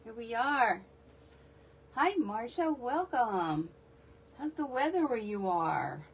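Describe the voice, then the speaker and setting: A woman's voice: on the high side, big pitch swings, takes it slowly, slight background noise. A woman from the northeastern United States hosting a casual live stream from her home craft room. She chats in a rambling way and greets viewers by name.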